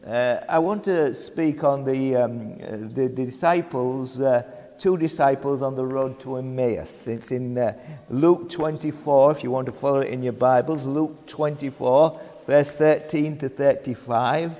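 A man from England with a Yorkshire accent preaching a sermon in a church, halting and full of ums and repeated words. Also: medium pitch, warm tone. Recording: long hall reverb.

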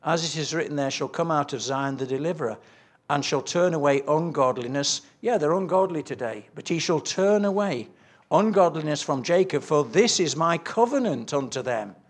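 A man's voice: a little high, lively intonation, moderate pace. A man preaching a sermon, earnestly telling stories with quoted dialogue and reading scripture aloud.

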